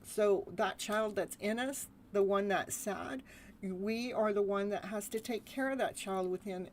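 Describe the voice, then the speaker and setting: Woman tarot reader, live stream, casual and giggly, medium pitch. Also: unhurried, a little hiss or hum. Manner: chatty, laughs often. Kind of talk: live tarot reading chat.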